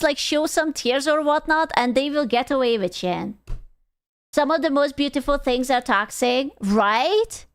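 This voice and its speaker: A woman's voice: high-pitched, smooth. A young woman streaming, giving blunt, sarcastic and profane reaction commentary on a clip.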